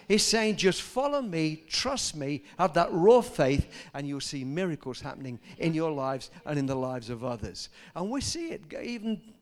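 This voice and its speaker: An older man preaching a sermon, telling stories and rising to loud, emphatic peaks. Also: on the high side, very animated, moderate pace, hardly any pauses. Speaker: pastor.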